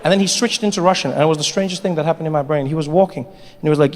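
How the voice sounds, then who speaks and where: A man's voice: on the high side, racing. A man performing stand-up comedy, telling stories animatedly and speaking to the audience. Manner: animated storytelling, addressing the audience. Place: comedy stage in a large hall. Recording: large hall with live audience.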